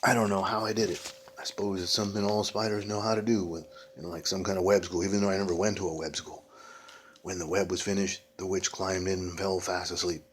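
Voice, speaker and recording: A man's voice: sits low, flat delivery, quick pace, a little hiss or hum. A man reading a children's ghost story aloud, adding playful casual asides. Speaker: reader of a children's book.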